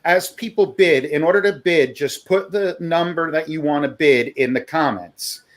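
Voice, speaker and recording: A man's voice: fairly high pitch, moderate pace. Chatty male livestream host. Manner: chatty, laughs often, auctioneer calls. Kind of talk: casual livestream auction chat.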